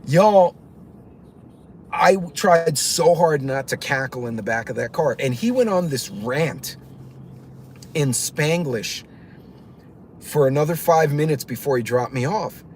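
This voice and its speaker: Somewhat high-pitched yet darkish in tone, this man speaks in an animated way at a measured pace, with slight background noise. Hosting his own channel, he rambles through a story full of fillers and restarts, acting out the voices of others.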